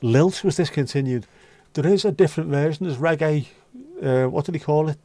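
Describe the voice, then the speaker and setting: A man's voice: on the high side, fairly quick, dark tone, dry recording. A man hosting a casual livestream from his room at home, chatting with viewers in a rambling, sweary, wry way. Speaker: livestream host. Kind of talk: casual chat reading viewer comments.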